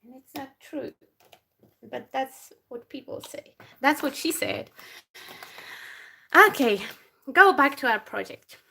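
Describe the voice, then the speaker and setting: Lady w a non-native accent chatting thru a craft stream, kinda high, slow and halting, slushy sh sounds. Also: lively intonation, vocal fry, bright, forceful tone, slight background noise. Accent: non-native English. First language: not English. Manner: chatty, laughs often, talks while working. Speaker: crafting live stream host. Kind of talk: casual craft demonstration.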